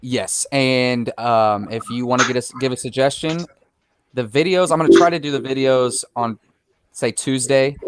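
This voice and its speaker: Animated man telling a story. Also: mid-range voice, moderate pace, clear, resonant tone. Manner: animated storyteller, acts out quoted voices. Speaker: guest presenting a challenge video. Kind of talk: casual chat on a livestream.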